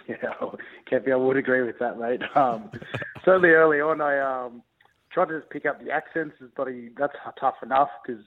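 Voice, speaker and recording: A man's voice: mid-range voice, moderate pace. A young man, a rugby league player, chatting casually as a radio guest, rambling with plenty of fillers and restarts. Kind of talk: casual radio interview over the phone. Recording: tinny phone line.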